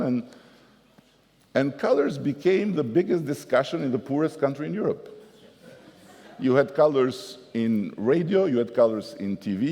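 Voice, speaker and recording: A man with an Albanian accent, a politician telling lively anecdotes and acting out the people he quotes as a guest at a forum. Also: medium pitch. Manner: animated storyteller, acts out the people he quotes. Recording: long reverb of a conference hall.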